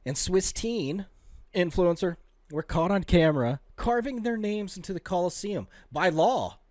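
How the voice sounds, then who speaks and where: A man cracks jokes while reading news items on a podcast. His voice sits a bit high and swings widely in pitch. The sound is dry and close. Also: lively intonation, a little slow, darkish tone, no echo. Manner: joking, reads news items aloud with asides. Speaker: podcast co-host. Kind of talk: casual comedic chat.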